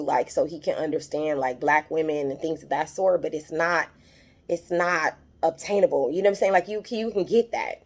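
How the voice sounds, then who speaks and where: Lady recapping her show, low-ish voice, chatty and opinionated, gets loud and high when she's fired up. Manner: chatty and opinionated, says "child" and "honey" often; animated, rises high when worked up. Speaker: TV episode recap host. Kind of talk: casual recap and review.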